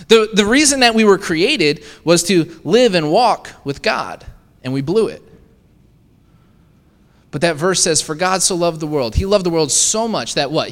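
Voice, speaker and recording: A man delivering a sermon in a fairly high voice, talking to his listeners and asking rhetorical questions. He often checks in with a quick "right?" while he explains scripture. His voice carries a long reverb from a large hall. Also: fairly bright tone. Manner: conversational, asks the congregation rhetorical questions with frequent "right?". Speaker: preacher.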